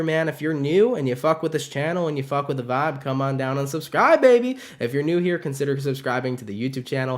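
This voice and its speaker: A man's voice: mid-range voice, reverberant. A young adult man giving a casual tarot reading in an upbeat, slangy way, often calling his listeners baby. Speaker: tarot reader.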